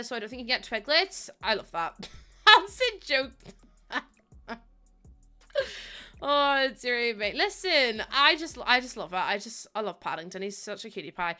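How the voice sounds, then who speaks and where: Young woman streamer rambling to chat, giggly, highish and bright. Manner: chatty, giggly, greets chat mid-sentence. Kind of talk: casual live-stream chat.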